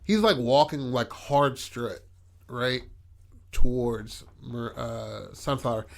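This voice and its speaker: A man's voice: medium pitch, slow, gravelly. A man co-hosting a podcast, telling stories in casual chat with lots of laughter and acted-out quotes. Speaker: podcast co-host.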